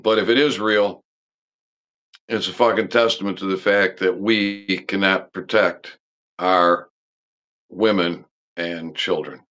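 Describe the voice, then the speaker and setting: A man hosting a live stream, talking in a rambling, halting monologue full of pauses and restarts, blunt and occasionally swearing. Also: deep voice, fairly even intonation, a bit bright.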